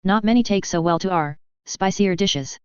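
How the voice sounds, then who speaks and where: A woman's voice: medium pitch, moderate pace, clear, resonant tone, dry recording, close to an everyday voice. A woman voicing a haughty, scheming noblewoman with a patronizing, smirking manner, in a dull, dry lo-fi recording.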